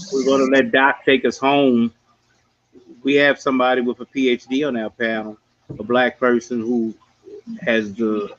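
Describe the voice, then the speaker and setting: Emphatic man, dull lo-fi sound. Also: medium pitch. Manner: emphatic, preachy, sports analogies, addresses the audience. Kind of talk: live podcast commentary.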